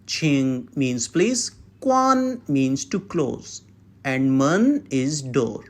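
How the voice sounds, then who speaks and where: Woman teaching to beginners, super slow and careful, repeats every phrase, pitch jumps all over. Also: very animated. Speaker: Mandarin teacher. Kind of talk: beginner language lesson.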